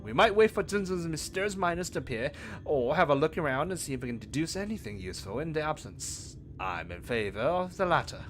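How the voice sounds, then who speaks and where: A man voicing a well-spoken young male party member in a put-on British accent, reading the lines in a measured, formal way. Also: on the high side, lively intonation, a bit bright, faint music behind.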